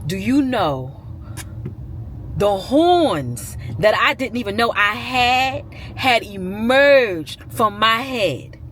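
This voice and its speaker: A woman in her forties tells a personal story in a candid, chatty way, often tossing in little asides to the viewer. Her pitch moves up and down a lot. A steady hum of background noise, like a car, sits under her voice. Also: drawn-out words. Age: 40s. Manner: conversational, frequent "you know" and "right?" asides. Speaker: vlogger.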